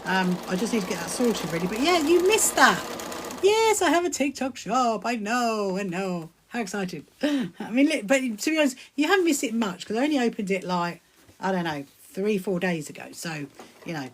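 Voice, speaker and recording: A woman chats away on a live stream from her sewing room, her voice sitting in a mid register. She rambles from one thought to the next and keeps breaking into excited bursts. A clear hum of room noise and sewing machine sits behind her, picked up by a phone. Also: medium pitch, brisk. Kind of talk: casual live-stream chat answering viewer comments.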